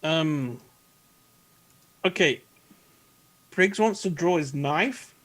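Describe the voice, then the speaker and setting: A man's voice: a little high, animated, very slow, a bit bright, poor audio. A man playing a tabletop game, checking the rules about his character's action. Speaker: player.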